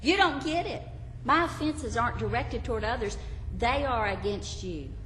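A woman's voice: animated, normal speed, fairly bright tone, slight background noise. Brief: woman doing a worried, self-doubting sinner, raised and insistent, echoey hall with faint background. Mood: anxious pleading. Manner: insistent, raised and high-pitched. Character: pleading anxious sinner, adult, self-doubting.

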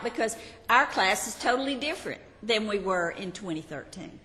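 A woman's voice: on the high side, sing-song, measured pace, sharp tone, long reverb tail. An older woman, teaching a Sunday school Bible class in a chatty, self-deprecating, homey way.

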